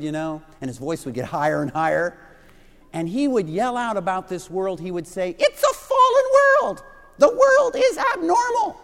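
A man's voice: on the high side, a little mellow, long reverb tail. A middle-aged man preaching an earnest, emphatic sermon to young listeners, repeating key phrases. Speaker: pastor. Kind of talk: sermon to children and youth.

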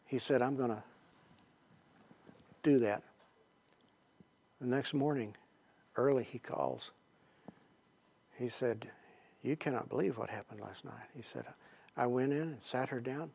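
Speaking to a group, a male Christian teacher delivers a sermon built around a story, his medium-pitched voice gravelly with a breathy edge. His talk is conversational and halting, full of pauses and fillers, moving from quiet to loud emphasis.

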